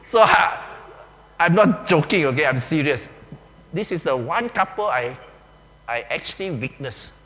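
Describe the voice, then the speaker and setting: A man's voice: on the high side, animated, measured pace, a bit bright. A man with a Malaysian English accent preaching a chatty, joking sermon as a pastor, often saying "okay" and "lah". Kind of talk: conversational sermon. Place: large church hall. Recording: echoey hall with faint hum.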